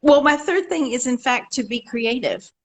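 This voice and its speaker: A woman's voice: sits high, expressive, moderate pace, rough recording. A woman guest in a casual video call chat, talking earnestly and affirmingly about daily goals and faith. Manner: earnest and affirming, listing goals and quoting scripture.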